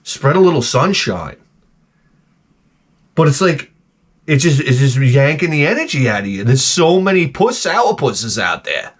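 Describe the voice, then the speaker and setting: A man's voice: medium pitch, measured pace, breathy edge. A man giving a profane, rambling comic rant to camera. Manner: profane, animated, jumps between tangents. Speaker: vlogger.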